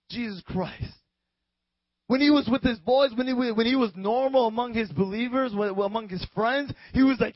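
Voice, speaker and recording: A man preaching a sermon, swinging from loud, dramatic quotes to hushed tones and calling out to his listeners. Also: very high voice, normal speed, no room sound, highs cut off.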